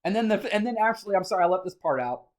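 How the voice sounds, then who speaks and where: A man's voice: high-pitched, expressive, rapid-fire. A man ranting in a casual vlog monologue, rambling and swearing as he gets worked up. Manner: agitated, rambling, swears often. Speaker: vlogger.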